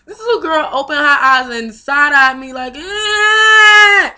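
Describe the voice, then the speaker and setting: Young woman, vlogger, bright crisp voice, candid and emotional, lots of fillers. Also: high-pitched, moderate pace. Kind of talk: personal testimony vlog.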